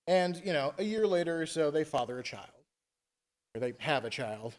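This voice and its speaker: List: man, conference speaker, casual storytelling, animated, fairly high pitch. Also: moderate pace. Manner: animated, chatty, tag questions.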